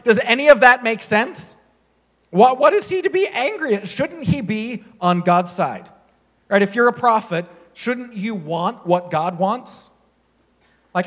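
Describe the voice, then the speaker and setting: A man with a notably high voice delivers a sermon as a pastor. He keeps it casual and chatty, piling up rhetorical questions for the room. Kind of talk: conversational sermon.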